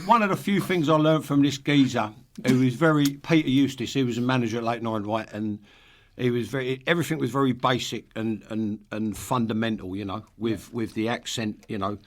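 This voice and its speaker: A man's voice: medium pitch, fairly even intonation, fairly quick. A middle-aged man from East London with a London accent, a podcast guest telling blunt, sweary stories with frequent laughter. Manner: blunt, sweary storyteller who laughs a lot. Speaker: podcast guest, former football manager. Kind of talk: casual chat.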